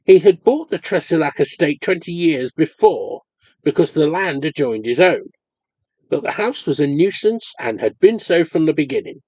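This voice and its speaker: A man reading a ghost story aloud as an audiobook in expressive, measured storytelling. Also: on the high side, no echo. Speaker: audiobook reader. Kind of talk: scripted narration of a ghost story.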